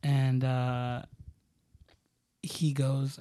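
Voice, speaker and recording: A man chats loosely through a story, stumbling over words and leaning on "like" at every turn. His voice sits in a middle pitch with a mellow, relaxed color. The sound is close and dry, with no room around it. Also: moderate pace, dry recording. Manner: rambling, filler-heavy, many "like"s and restarts; laughs while telling stories. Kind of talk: casual storytelling chat.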